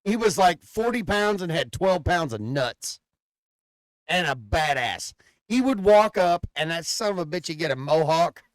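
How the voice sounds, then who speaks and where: A man co-hosting a casual podcast, telling long, profane, animated stories about his dog. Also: fairly high pitch, a little slow, dry recording. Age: adult father. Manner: profane, animated rambling storyteller. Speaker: podcast co-host. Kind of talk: casual chat, storytelling.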